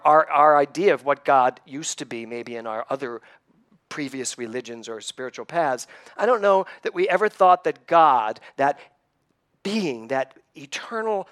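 A church speaker in his sixties gives an earnest, personal, conversational sermon, telling stories and asking his listeners questions, sounding slightly emotional. His voice is a little high with a fairly bright tone.

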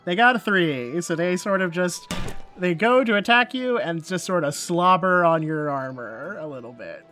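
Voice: mid-range voice, lively intonation, normal speed, sharp tone, faint music behind. Casual game master narrating. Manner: casual, laughing often, with filler words.

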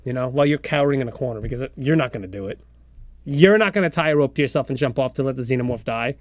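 Excitable man with a dry close sound. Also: mid-range voice, dry recording. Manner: excitable, spins the story with rapid questions. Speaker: podcast co-host. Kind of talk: improvised comedic storytelling chat.

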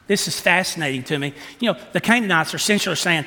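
A man preaching a sermon, asking the congregation rhetorical questions and acting out quotes with animated delivery. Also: high-pitched, quick pace, few pauses, in a large hall. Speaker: pastor.

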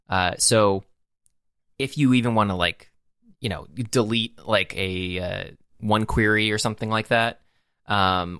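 A man's voice: lowish voice, pushed and bright, clean tone, no echo, clean studio sound. A man co-hosting a podcast, chatting casually about tech, rambling with many fillers and restarts. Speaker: podcast co-host.

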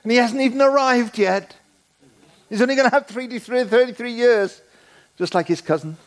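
A man in his sixties preaching a sermon in a church, playful and animated, acting out the voices he quotes. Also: extremely high pitch, normal speed. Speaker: guest preacher.

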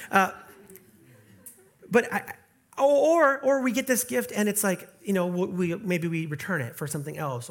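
Male pastor with a high voice, preaching in an earnest, conversational way that stumbles over restarts. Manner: earnest, repeats and restarts words, slows for scripture. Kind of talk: sermon.

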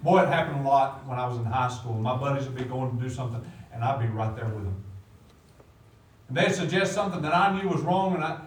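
A man preaching a sermon as pastor, animated, with big swings in loudness. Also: mid-range voice, fast talker, distant mic, slight background noise. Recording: echoey room, voice from off the mic.

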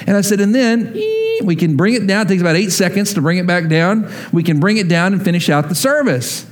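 A man's voice: sits high, a little fast. A man preaching a sermon, telling a personal story and acting out the dialogue of the people in it. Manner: animated storyteller, acts out dialogue. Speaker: pastor.

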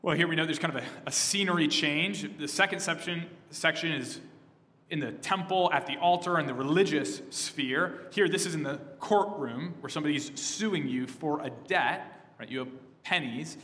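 Man preaching, bright tense voice, long hall reverb, surges loud then drops quiet. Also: a little high, moderate pace. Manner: emphatic preaching, surging louder on key phrases and dropping soft on others. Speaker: pastor. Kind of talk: sermon.

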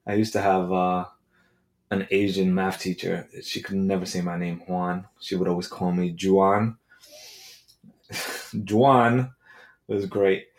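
A man hosting his own podcast in a casual, irreverent monologue, joking and swearing with quick asides. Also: sits low, completely flat delivery, a little mellow. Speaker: podcast host.

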